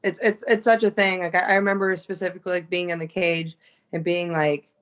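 A young adult woman, a fighter, telling lively stories in casual chat with many restarts. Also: lowish voice, a little fast. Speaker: fighter guest.

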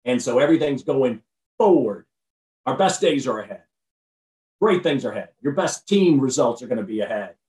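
A man speaking as a podcast guest and motivational speaker in casual conversation, energetic and preachy, often repeating and restarting his phrases. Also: medium pitch, moderate pace. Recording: roomy sound from far off the mic.

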